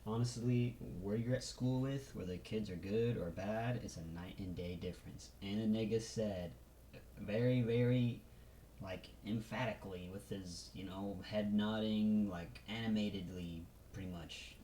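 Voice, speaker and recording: A man's voice: fairly low pitch, steady tone, normal speed, few pauses, warm tone, reverberant, a little hiss or hum, low-quality recording. A man talking casually to camera in a loose, rambling way full of fillers, recorded on a phone. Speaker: vlogger.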